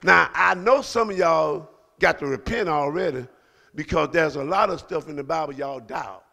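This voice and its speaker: High gravelly preacher man. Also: moderate pace. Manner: preaching with rising shouts and calls to the congregation. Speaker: pastor. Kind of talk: sermon. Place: church sanctuary.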